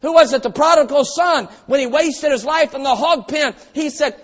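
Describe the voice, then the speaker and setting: A man preaching a sermon as pastor, telling stories and swinging from quiet asides to loud shouted lines. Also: very high-pitched, moderate pace, few pauses. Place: church auditorium. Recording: dull sound with long hall reverb.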